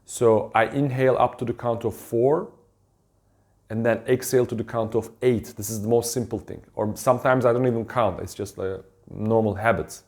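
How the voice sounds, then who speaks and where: Man, wellness teacher, calm and unhurried, frequent ums and self-corrections. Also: mid-range voice. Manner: calm, halting, with many ums and restarts. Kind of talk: casual instructional talk.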